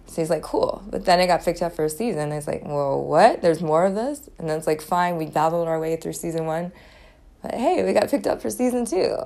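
Candid woman with a slight lisp, gravelly. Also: on the low side, fast talker, a little mellow. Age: 40s. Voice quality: slight lisp from a chipped tooth. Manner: candid, profane, laughs often. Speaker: podcast host. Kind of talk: casual solo podcast chat.

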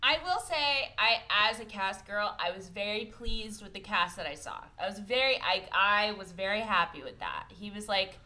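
A young woman chatting casually with a friend, expressive and sweary. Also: medium pitch, normal speed, hardly any pauses, poor audio. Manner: expressive, swears, laughs along. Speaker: fan podcaster. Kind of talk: casual chat.

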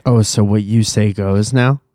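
A joking young man co-hosting a podcast. His voice is mellow and mid-pitched, recorded close and dry, and he keeps up a goofy, teasing banter. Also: fairly even intonation, unhurried, no echo. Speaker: podcast co-host. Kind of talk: casual chat.

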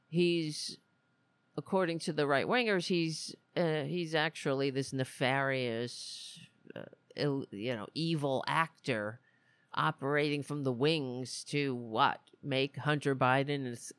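Slow-talking, animated, indignant show host. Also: medium pitch, no echo. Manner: animated, indignant, many restarts and asides. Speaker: political commentary host. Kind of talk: casual ranting commentary.

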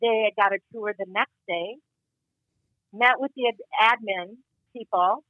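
A woman telling a personal story in casual conversation, animated and acting out the dialogue as she goes. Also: medium pitch, a little slow, dry recording, narrow, tinny audio. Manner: animated, acts out quoted dialogue. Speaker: guest.

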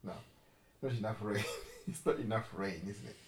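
A man's voice: on the low side, moderate pace, a little hiss or hum. Rambling man in a roomy echo. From Africa. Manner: rambling, laughs often, self-correcting. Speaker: podcast co-host. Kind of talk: casual chat. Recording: roomy echo with faint ambience.

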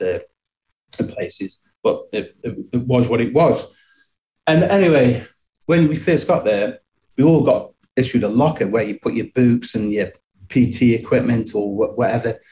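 Middle-aged man, warm low-key tone, reflective storyteller, chuckles, restarts. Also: slight background noise. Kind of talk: personal storytelling.

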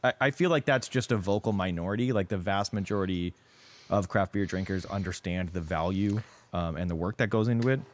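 A Canadian man appearing as a guest on a podcast, chatting casually about his work at a brewery. His voice is low, and his manner stays relaxed, with his sentences often fading down quietly as he finishes. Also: brisk. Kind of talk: casual chat.

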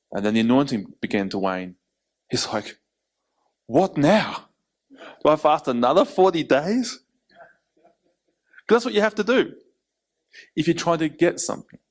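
A man preaching a sermon in an animated way, acting out quoted voices. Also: medium pitch. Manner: animated, acts out quotes, laughs between points.

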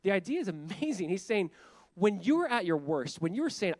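A man preaching a sermon as pastor, animated and conversational, leaning on emphatic repetition and laughing often as he talks. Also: sits high, a little fast, no echo. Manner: laughs often while speaking.

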